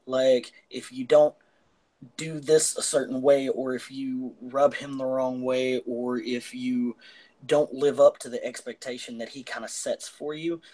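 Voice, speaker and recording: A man's voice: medium pitch, level tone, measured pace, warm tone, rough recording. A man co-hosting a casual film podcast, retelling a plot at length with many fillers and restarts. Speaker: podcast co-host.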